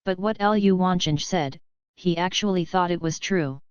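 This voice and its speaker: A woman narrating an audiobook novel in a steady, unhurried reading voice. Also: fairly low pitch, smooth, no echo, highs cut off.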